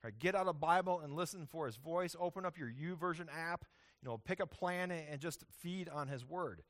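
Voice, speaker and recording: A male pastor preaches in a loose, conversational way, with a voice pitched a bit high. He keeps checking in with his listeners as he goes. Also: a little fast, a bit bright. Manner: conversational, often adds "right?". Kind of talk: sermon.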